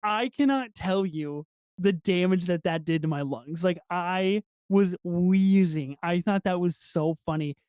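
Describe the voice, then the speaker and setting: A man co-hosting a podcast in casual film review chat, excitable and swearing freely as he acts out movie lines. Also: sits high, a little slow, clear, resonant tone, no echo, studio quality. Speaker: podcast co-host.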